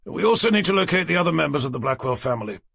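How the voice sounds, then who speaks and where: A man's voice: a little high, very animated, racing, gravelly, fairly bright tone, breathy edge, no echo, voice pushed up, heavily acted. A man voicing a weary, sardonic detective inspector in an audiobook, dry and commanding. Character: gruff weary middle-aged male detective inspector. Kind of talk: audiobook character reading.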